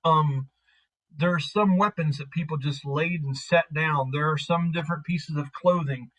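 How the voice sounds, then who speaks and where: Male game master, casual and rambling, voice on the high side. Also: fairly even intonation, normal speed, a bit bright, low-quality recording. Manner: casual, rambling with many fillers. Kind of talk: narrating a tabletop game.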